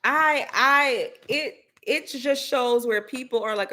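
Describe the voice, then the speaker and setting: A woman's voice: high voice, slow, pushed and bright. A woman co-hosting a podcast, talking in a blunt, sassy, slangy way with casual swearing. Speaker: podcast co-host. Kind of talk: casual commentary chat.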